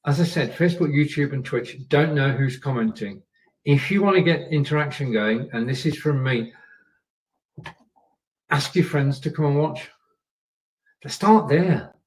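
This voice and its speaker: A man hosts a live stream and coaches his viewers in a chatty, repetitive way, dropping in "yeah" and "okay" as he goes. His voice sits at an ordinary pitch and sounds a little distant from the microphone. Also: a little mellow. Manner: chatty, repeats points, checks in with "yeah" and "okay". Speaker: live show host. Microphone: camera and microphone.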